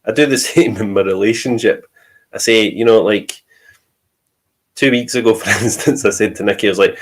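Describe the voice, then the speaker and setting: A man's voice: lowish voice, moderate pace. A man with a Scottish accent telling personal stories in a casual chat, often laughing as he talks. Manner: storytelling, laughs often while talking.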